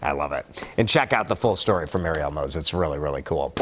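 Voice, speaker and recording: A man's voice: a bass voice, animated, fast, a bit bright, slight background noise. A man hosting a casual morning news update, chatty and upbeat, reading out viewer comments with joking asides.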